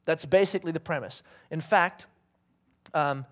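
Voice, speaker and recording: A man's voice: a little high, moderate pace. A man preaching a casual sermon to a congregation, joking, laughing and acting out voices as he reads scripture. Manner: conversational and joking, laughs often, acts out voices.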